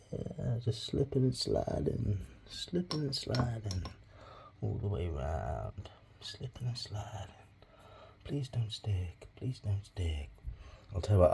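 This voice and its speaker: A man's voice: low voice, expressive, normal speed, creaky, mellow, a little hiss or hum. A man making clay pots as he talks, rambling and swearing freely, often muttering asides under his breath. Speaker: crafting hobby vlogger. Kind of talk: casual crafting tutorial.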